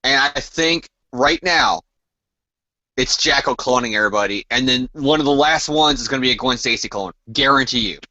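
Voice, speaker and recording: A man co-hosting a casual comic book chat, animated and emphatic as he speculates. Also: mid-range voice, normal speed, dry recording, dull audio. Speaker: co-host.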